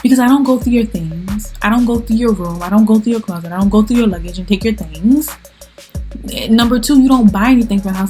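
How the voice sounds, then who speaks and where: A young woman vlogging, retelling a conflict with her roommate in an animated, exasperated way and acting out the quoted lines. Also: fairly low pitch. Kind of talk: storytelling to camera.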